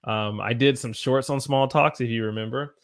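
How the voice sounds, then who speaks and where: A man's voice: medium pitch, normal speed. Chatty American guy teaching English live. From United States. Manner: chatty, animated, greets viewers by name. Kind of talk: casual live-stream chat.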